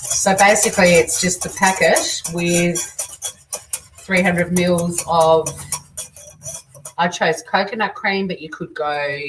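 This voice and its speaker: An Australian woman with a low voice hosts a loose, chatty cooking stream, cracking crude jokes and replying to viewers. She sits back from the mic, and faint clinks of dishes and cutlery come through from her kitchen. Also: distant mic, a little hiss or hum. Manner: chatty, crude joking, reads out viewer comments. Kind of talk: casual live cooking chat. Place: home kitchen.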